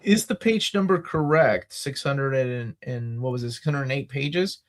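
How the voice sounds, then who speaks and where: A man hosting a casual comics podcast panel, reading out upcoming book listings with excited asides. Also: mid-range voice, moderate pace. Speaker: podcast host.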